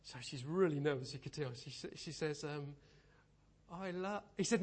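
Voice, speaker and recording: A high-voiced man delivers a sermon in a church. He tells his stories in a lively, animated way and keeps a humorous edge. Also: normal speed, slightly rough. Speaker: preacher.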